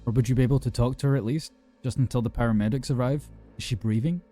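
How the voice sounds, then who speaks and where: A calm emergency operator, voiced by a male narrator, gives steady, patient instructions over the line. The voice is dark and mellow at a middling pitch, with faint music under this horror storybook reading. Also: fast talker, natural voice. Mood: firm.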